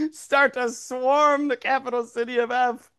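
Giggly high-voiced man telling a silly story. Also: flat delivery, a little slow, pushed and bright, clean tone. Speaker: game host. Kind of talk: improvised comedic storytelling.

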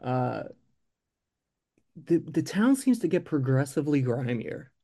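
A man's voice: fairly high pitch, sing-song, unhurried, warm tone. A man improvising a comic story in a rambling, filler-heavy way.

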